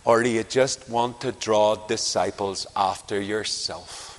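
A man's voice: fairly low pitch, a little slow. A man from Northern Ireland with a Northern Irish accent, preaching a sermon and telling stories from his own encounters. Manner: storytelling with anecdotes, animated swings. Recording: long reverb in a hall.

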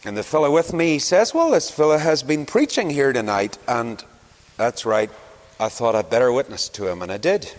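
A man's voice: mid-range voice, moderate pace. A man from Northern Ireland with a Northern Irish accent, preaching a sermon and telling stories from his own encounters. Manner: storytelling with anecdotes, animated swings. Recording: long reverb in a hall.

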